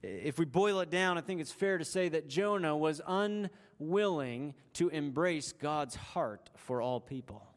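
A man's voice: a little high, animated, unhurried, few pauses. A man preaching a sermon, retelling a story with dramatic shifts in pace and emphasis. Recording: long hall reverb.

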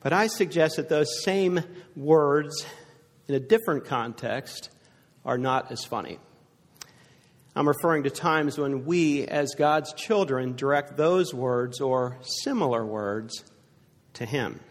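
An older man preaching a sermon to a congregation, telling stories earnestly and growing hushed at the sad parts. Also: mid-range voice, slow. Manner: earnest storytelling, dropping to a hushed voice for sad points. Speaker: pastor. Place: church sanctuary before a congregation. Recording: echoey hall reverb.

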